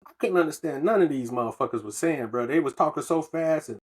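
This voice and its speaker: Man, podcast co-host, husky voice that sits a bit high, rambling slangy storyteller. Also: animated, quick pace, darkish tone. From Southern United States. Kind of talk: casual storytelling chat.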